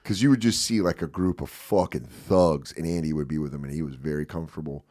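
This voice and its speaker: A man in his forties telling a story casually as a podcast guest, profane and animated, acting out voices loudly. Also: rumbling low, fast.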